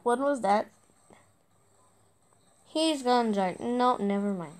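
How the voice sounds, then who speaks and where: A high-voiced woman talks slowly over her gameplay. Her commentary is casual, full of exasperated outbursts at the game. She speaks with an unhurried pace. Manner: exasperated exclamations while playing. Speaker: gaming video creator.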